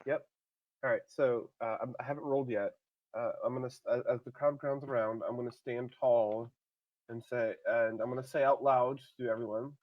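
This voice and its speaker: A man's voice: medium pitch, steady tone, moderate pace, dry recording, highs cut off. A man playing in a tabletop role-playing game who talks hesitantly, with restarts and laughter. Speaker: player.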